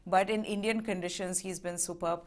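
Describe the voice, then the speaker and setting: A woman's voice: on the low side, brisk. Conversational woman co-hosting a cricket show. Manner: conversational, lively, leads the segment. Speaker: co-host. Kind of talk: live fantasy cricket chat.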